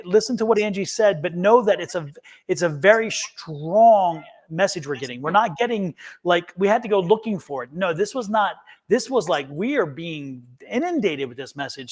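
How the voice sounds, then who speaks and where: High-voiced man giving a halting psychic reading. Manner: halting, many restarts and repeated words; earnest and reassuring. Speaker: tarot reader. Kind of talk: live-streamed psychic reading.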